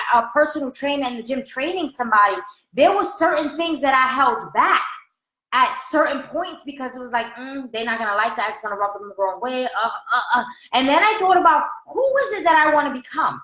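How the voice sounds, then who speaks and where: Woman coach, high-pitched, lively and frank, acts out inner doubts; roomy echo on the recording. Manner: animated, acts out her own inner voice in quotes; frank and casual, with occasional swearing. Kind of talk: motivational monologue to followers.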